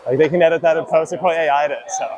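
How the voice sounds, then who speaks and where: A man's voice: fairly high pitch, steady tone, very fast. Breathless young man skating with a body mic. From Ohio, US. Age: young adult. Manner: rambling, self-mocking, chatty. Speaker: college hockey player. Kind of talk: casual mic'd-up practice commentary. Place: indoor ice rink. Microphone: wireless body mic worn while skating. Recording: noisy rink ambience.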